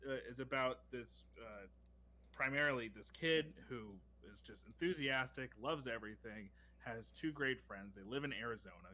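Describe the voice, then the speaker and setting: Bright-voiced man rambling about cartoons. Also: mid-range voice, slight background noise. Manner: rambling, enthusiastic, many fillers. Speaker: podcast co-host. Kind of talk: casual chat.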